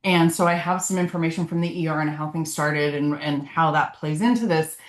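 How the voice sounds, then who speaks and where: A woman's voice: low voice, brisk. A woman, a physician, giving a casual continuing-education lecture in an earnest, heartfelt way. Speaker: physician presenter. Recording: echoey room.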